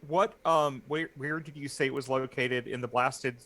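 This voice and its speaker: A man playing a tabletop game, asking the game master unhurried questions. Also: medium pitch, fairly even intonation, pushed and bright. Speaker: player. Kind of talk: casual chat at the gaming table.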